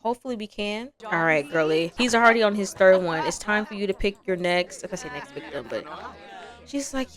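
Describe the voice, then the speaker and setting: A woman's voice: mid-range voice, big pitch swings. Playful, chatty young woman gamer. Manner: chatty, playful, quick to laugh. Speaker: gaming vlogger. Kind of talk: casual gameplay commentary.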